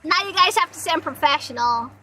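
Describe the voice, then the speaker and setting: A young woman streamer chats with her viewers, playful and giggly with quick self-deprecating banter. Her voice is high and bright and bounces all over the place. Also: animated, a little hiss or hum, poor audio. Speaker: streamer, part-time voice actor. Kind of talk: casual live-stream chat.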